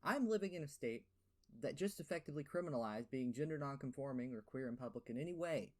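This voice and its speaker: A man's voice: mid-range voice, lively intonation, quick pace. A young man with a lisp giving a sarcastic, profane game review voiceover, full of fillers and rants. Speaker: gaming video host.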